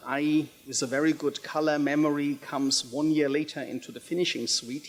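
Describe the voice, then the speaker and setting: A man with a German accent speaks at an even middle pitch, presenting technical material to a theater audience. He halts often with fillers and slips in dry asides. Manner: hesitant, many fillers, dry humor. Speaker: presenter at a tech expo. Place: theater stage.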